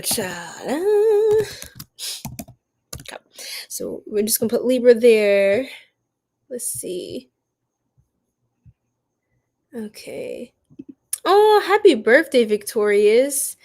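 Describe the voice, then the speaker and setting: A woman's voice: a little high, a little mellow. A woman hosting a casual live stream, greeting viewers by name and laughing often. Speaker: tarot reader and live stream host.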